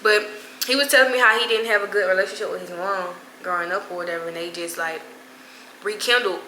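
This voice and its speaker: A woman's voice: mid-range voice, steady tone, fast talker, pushed and bright, echoey room, a little hiss or hum, low-quality recording. A young woman telling a story to her viewers in casual, slangy chat, with laughing asides. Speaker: vlogger.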